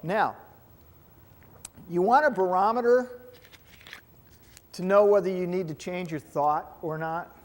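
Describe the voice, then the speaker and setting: A man's voice: high-pitched, takes it slowly, pauses often, darkish tone. A man giving a classroom lecture on hypnotherapy, talking conversationally and checking in with his students with questions.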